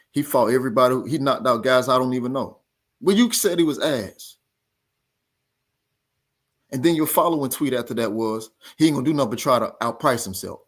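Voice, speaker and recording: Fired-up man ranting. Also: medium pitch. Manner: animated, repetitive, argumentative. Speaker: boxing show host. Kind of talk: heated casual rant.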